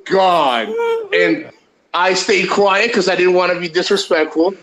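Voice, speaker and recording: Rambling animated storytelling man. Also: sits high, a little slow, rough recording. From USA. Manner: rambling, animated, swears freely. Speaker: vlogger telling a travel story. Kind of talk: casual storytelling.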